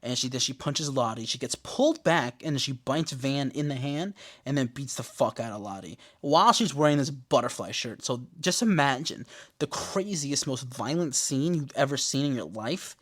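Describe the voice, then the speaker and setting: A man hosting a casual podcast recap, joking and swearing in loose slang, sometimes breaking into loud, high-pitched exclamations. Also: lively intonation, normal speed. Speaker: podcast host.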